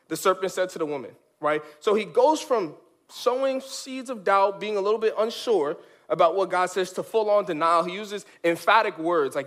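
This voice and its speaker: A man preaching a lively sermon for children, animated and emphatic, with big swings from high to low. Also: brisk. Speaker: children's pastor. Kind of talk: sermon for kids.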